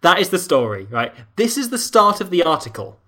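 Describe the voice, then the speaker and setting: Male podcast host, high, bright and forceful, jokey chat with frequent laughs. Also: big pitch swings, fairly quick. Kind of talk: casual chat.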